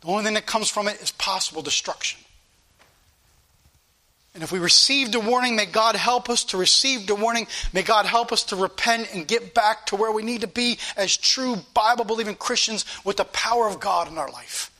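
A man's voice: high voice, moderate pace, pushed and bright. A middle-aged man preaching a fervent sermon in a church, his delivery rising and falling with passion.

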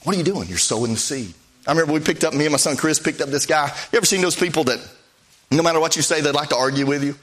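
A middle-aged male preacher tells missionary stories in a folksy, anecdotal way. His voice sits a little high for a man. He leans into acted-out snippets of conversation as he goes. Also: racing, a bit bright. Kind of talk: sermon storytelling.

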